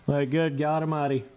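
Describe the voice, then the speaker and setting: A young man giving casual, excitable commentary over motocross gameplay, laughing and trash-talking as he rides. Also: a little high. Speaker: gaming commentator.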